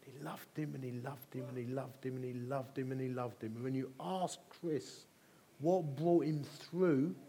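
A man's voice: mid-range voice, moderate pace, slight background noise. A middle-aged man preaching a sermon, telling stories with humour and emphatic repetition. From England. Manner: animated, humorous, emphatic repetition. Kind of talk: sermon with storytelling.

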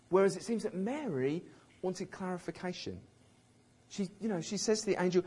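A man preaching a sermon in a conversational, emphatic way, with a slightly husky voice, acting out quotes with light humour. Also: sits high, fairly quick, darkish tone.

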